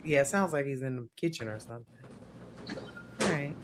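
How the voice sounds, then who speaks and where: A woman's voice: extremely low pitch, animated, brisk, a little hiss or hum. A woman co-hosting a casual podcast panel, reading viewer messages aloud in a loose, chatty way that often trails off mid-sentence. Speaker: podcast co-host.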